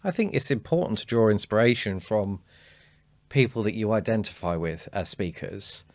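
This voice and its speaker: A man, a speaking coach talking as a guest in a casual podcast conversation, animated and acting out quotes. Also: on the low side, normal speed, dry recording. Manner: animated storyteller, acts out quotes.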